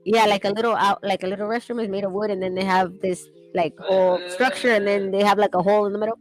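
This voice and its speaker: A woman's voice: mid-range voice, fairly even intonation, fast talker, music in the background, poor audio. A young woman streaming while she sketches, chatting casually, rambling and laughing, swearing now and then.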